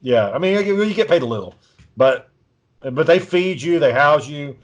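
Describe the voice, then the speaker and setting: A man's voice: on the high side, expressive, moderate pace. A man telling a long story in a casual, profane, rambling way as a podcast co-host. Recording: dull lo-fi recording.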